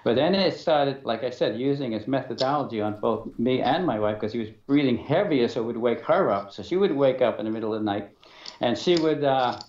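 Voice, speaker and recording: A man's voice: mid-range voice, expressive, a little mellow. Hesitant man telling an eerie story. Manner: halting, many fillers and restarts, acts out dialogue. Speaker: interview guest. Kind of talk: telling a personal story in an interview. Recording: dull, roomy sound.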